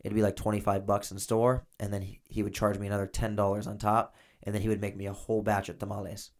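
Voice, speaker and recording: Man, low voice, casual, rambling, filler-heavy storyteller. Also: level tone, fast talker. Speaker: podcast co-host, former inmate. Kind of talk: casual chat.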